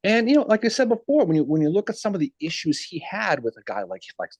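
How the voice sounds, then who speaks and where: A man talking casually on a video call, telling history stories with lively acted-out quotes. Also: sits high, fast talker, no echo. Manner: animated storyteller, acts out quotes.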